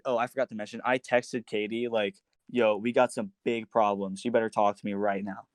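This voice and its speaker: Animated young man telling a story. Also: on the low side, brisk, dry recording. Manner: animated, many fillers and restarts, quotes others in a raised voice. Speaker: podcast guest telling a story. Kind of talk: casual podcast storytelling.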